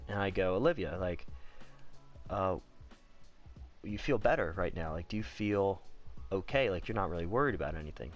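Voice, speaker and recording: A young man with a lowish voice tells a personal story in a relaxed storytime vlog. He talks candidly and rambles, swearing freely and saying "like" a lot. Faint music plays behind him. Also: normal speed, pauses often. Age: young adult. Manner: candid, profane, rambling, heavy on "like".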